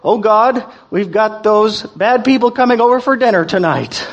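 A man's voice: high voice, animated, moderate pace, voice pushed up. A preacher voicing a five-year-old boy who innocently repeats his father's words as a prayer, on a dull lo-fi recording.

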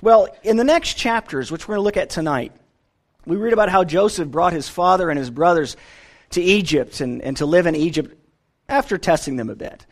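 A man's voice: high voice, normal speed. A man preaching a sermon to a church congregation, telling stories earnestly with frequent restarts. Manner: earnest, animated storytelling with repeated restarts.

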